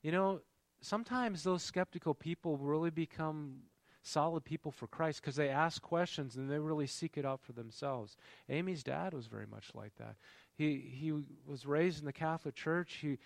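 A man's voice: on the high side, moderate pace, creaky, few pauses, no room sound. A man preaching a sermon in a conversational way, often asking the congregation questions. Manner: engaging, quizzes the congregation. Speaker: pastor.

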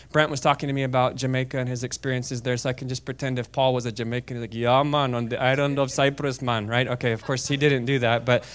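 With a clear, resonant, mid-range voice, a male guest preacher delivers a sermon in church. He reads scripture, talks casually between verses, checks in with "okay?" and shifts from quiet asides to loud, fervent passages.

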